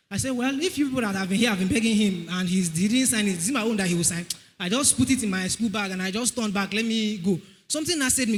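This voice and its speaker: A young man with a Nigerian accent gives a church testimony at a quick clip and a very high pitch. He tells the story with lively energy, acting out the voices of others. His voice rings through a hall with a long echo. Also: a little hiss or hum. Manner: animated storytelling, acts out voices. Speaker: church member giving testimony.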